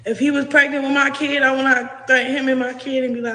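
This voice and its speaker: A woman's voice: sits high, level tone, fast, sharp tone. A woman bluntly retelling her own story, swearing freely and acting out what people said to her. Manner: blunt, profane, acts out what was said. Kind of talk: candid personal retelling. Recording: echoey clip with long reverb.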